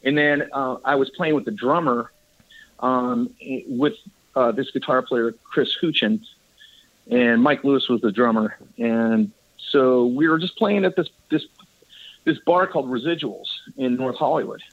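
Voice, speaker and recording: A man's voice: medium pitch, animated, a little slow, creaky. Enthusiastic rambling man, lo-fi sound. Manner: rambling, enthusiastic, laughs often, says dude. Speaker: guest bass player. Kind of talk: casual interview storytelling. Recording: dull lo-fi audio.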